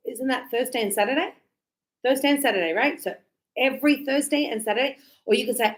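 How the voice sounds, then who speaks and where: A woman's voice: high voice, low-quality recording. A woman teaching an English class in a classroom, acting out little dialogues and checking in with her students often. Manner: lively, acts out student dialogues with quick questions. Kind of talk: classroom lesson.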